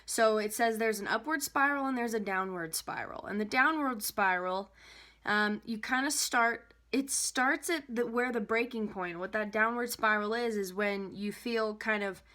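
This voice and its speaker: A woman's voice: moderate pace, sharp tone. Rambling woman life coach explaining casually. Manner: rambling, with many fillers and restarts; acts out an anxious inner voice, rising in pitch.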